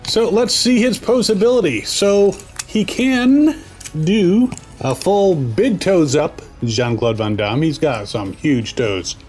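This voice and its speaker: A man's voice: high-pitched, animated, slow pace, a little mellow, faint music behind. A man hosting a casual toy review, thinking aloud with enthusiasm as he handles the figures.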